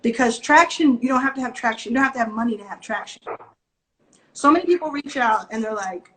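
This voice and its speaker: Woman, Southern accent, direct, animated, a bit high, video call. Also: quick pace, slight background noise, low-quality recording. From Southern US (Texas and Mississippi). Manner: direct, animated, acts out quotes. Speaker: venture capital investor, guest. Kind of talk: casual video-call interview.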